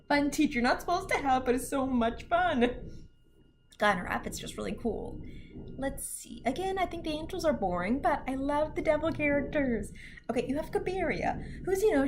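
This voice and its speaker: A young woman casually reviewing a cartoon show, chatty and animated, often laughing and slipping into quick impressions of characters. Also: fairly high pitch, a little hiss or hum.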